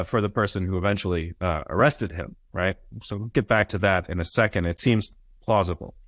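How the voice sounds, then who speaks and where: A man giving an academic history lecture in an explanatory way, often pausing on "uh" and checking in with "right?". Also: lowish voice, no echo. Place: lecture recording.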